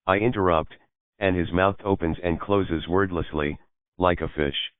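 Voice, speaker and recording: A man narrating an audiobook in a steady, measured reading. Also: low-pitched, no room sound. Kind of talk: scripted narration. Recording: dry, phone-like lo-fi audio.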